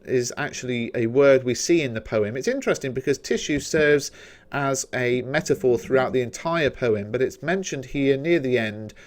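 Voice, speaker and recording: A man with a British accent explaining poetry quotations in a revision lesson, measured and explanatory. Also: medium pitch. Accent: British English. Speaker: English teacher.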